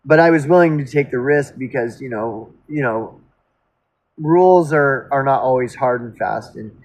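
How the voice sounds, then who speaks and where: A man's voice: medium pitch, moderate pace, rough recording. A man telling a personal story in a casual monologue, rambling and self-interrupting, blunt and outspoken. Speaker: storyteller recounting a past relationship.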